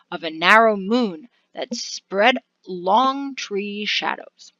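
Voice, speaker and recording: A woman's voice: medium pitch, bright, forceful tone, no room sound, highs cut off. A woman casually narrating a video game, reading its text aloud with chatty asides and frequent laughs. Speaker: let's-play narrator.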